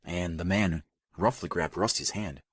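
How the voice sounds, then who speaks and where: A male audiobook narrator with an extremely low, husky voice. He reads steadily and evenly, and the recording is close and dry. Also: unhurried, no room sound. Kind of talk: scripted narration.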